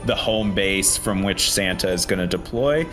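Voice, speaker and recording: A man's voice: low voice, moderate pace, fairly bright tone, soft background music. A man narrating a tabletop game as game master, rambling, with many fillers and restarts.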